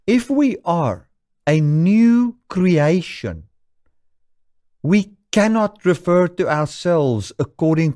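A man from South Africa preaching a sermon, earnest, slowing down to stress key lines. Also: a little high, a little mellow, no room sound, clean studio sound.

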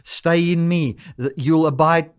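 A man's voice: a little high, steady tone, unhurried, clean tone. A man preaching a sermon, quoting scripture with emphatic rises and falls. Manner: emphatic, rising and falling with scripture quotes.

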